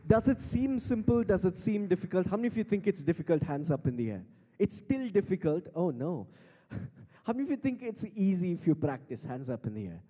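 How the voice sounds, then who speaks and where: Speaking a little fast and hardly pausing, a man with a high, warm, very animated voice teaches beatboxing in a live stage workshop. He quizzes the crowd playfully on a handheld mic and often laughs. The large conference hall adds long reverb through the stage PA.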